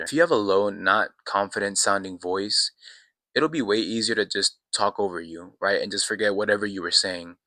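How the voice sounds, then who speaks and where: Male host of a casual explainer, slightly low and bright tone, dry sound, relaxed with lots of fillers. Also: dry recording. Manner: relaxed, frequent "you know" and "right?" fillers. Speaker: video host teaching communication. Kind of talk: casual self-help explainer.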